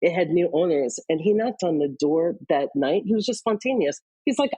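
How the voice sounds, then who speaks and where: A woman from Iowa speaks as an interview guest in a low, husky, mellow voice. She tells personal stories candidly, moving between quick bursts and slower pauses. The sound is dry and close. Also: animated, no echo, low-quality recording. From Iowa, US Midwest. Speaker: guest, leadership author.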